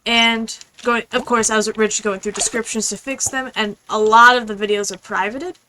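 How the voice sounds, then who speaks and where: A young woman streaming a game, chatting casually in a rambling, fast, apologetic way. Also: on the high side, steady tone, pushed and bright, a little hiss or hum, low-quality recording. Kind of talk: casual gaming stream chat.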